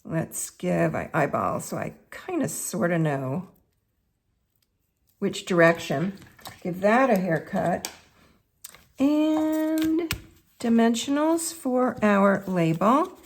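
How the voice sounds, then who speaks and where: A woman's voice: fairly low pitch, expressive, slow, slight background noise. A woman with a Southern US accent hosting a chatty craft tutorial, talking straight to her viewers in a folksy way. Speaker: craft video host.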